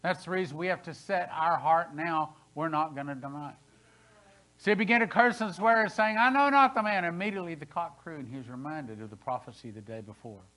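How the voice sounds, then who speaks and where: A man in his sixties preaching a sermon as pastor, with dramatic swings between loud and hushed delivery. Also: fairly high pitch, a little fast, low-quality recording. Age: 60s. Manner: dramatic preaching, voice rising and falling sharply. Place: church sanctuary.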